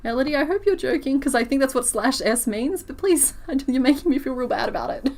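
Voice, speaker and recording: A woman's voice: high voice, very animated, moderate pace, a little mellow. A woman with a rural Australian accent chatting casually on a crochet livestream, laughing often and talking to her viewers. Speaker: crochet streamer.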